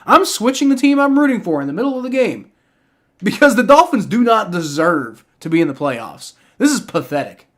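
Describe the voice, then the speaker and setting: A man's voice: high-pitched, sing-song, brisk, fairly bright tone. Exasperated ranting male streamer. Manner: exasperated ranting, heavy profanity; frequent stammering restarts. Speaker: live streamer. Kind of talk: live game reaction commentary.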